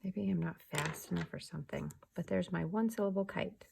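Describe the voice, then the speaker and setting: A young woman teaching a remote class for young children, slow, soft and patient, often dropping to a whisper. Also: fairly low pitch, creaky, background noise.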